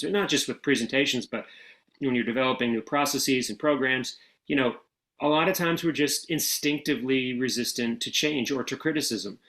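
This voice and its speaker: An American man speaking as an interview guest, his voice sitting at an ordinary middle pitch. He tells his stories in a loose, conversational way, full of "you know" and quick restarts. His delivery stays relaxed and easygoing. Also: low-quality recording. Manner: relaxed, anecdotal, frequent fillers and restarts. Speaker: guest, former speechwriter.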